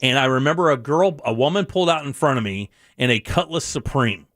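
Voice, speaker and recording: A radio talk show host chats casually, telling stories animatedly and performing the voices of the people he quotes. His medium-pitched, slightly bright voice has lively intonation and a fairly quick pace, recorded in a clean studio with no room sound.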